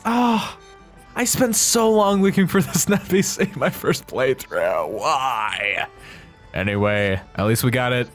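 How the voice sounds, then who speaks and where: Excitable man commenting on a game. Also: mid-range voice, a little slow, soft background music. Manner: excitable, jokey, animated. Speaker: let's play host.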